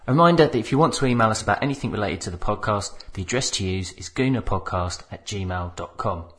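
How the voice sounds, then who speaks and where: A man hosting a football fan podcast, telling stories in casual chat and bursting into shouted punchlines. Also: lowish voice, expressive, fast talker. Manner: storytelling, laughs into shouted punchlines. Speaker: podcast host.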